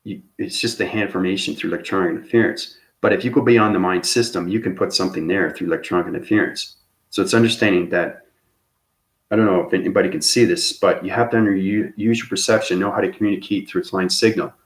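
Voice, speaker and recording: Low-voiced man rambling spiritually, tagging "okay?". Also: fairly even intonation, fast. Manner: repeats "okay?" as a tag after phrases; loose, searching phrasing with restarts. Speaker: channel host.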